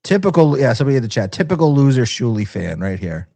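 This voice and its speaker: A man's voice: medium pitch, very animated, quick pace, creaky, mellow, dry recording. A man co-hosting a live stream, trading mocking, profane banter. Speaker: stream co-host. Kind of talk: casual crude banter.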